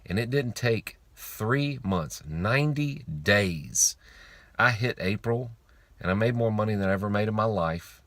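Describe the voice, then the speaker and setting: A lowish, animated male voice, a little slow and fairly bright in tone, comes through with no room sound. The man, an online speaker on faith and money, gives a blunt, emphatic motivational monologue in an informal style, repeating lines for effect and swearing casually.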